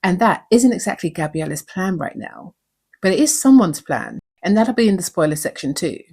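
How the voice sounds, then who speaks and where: A woman's voice: on the low side, expressive, normal speed, a little mellow, breathy edge. A woman hosting her own channel, breaking down a TV episode with earnest emotion and many rhetorical questions. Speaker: YouTube show recap host.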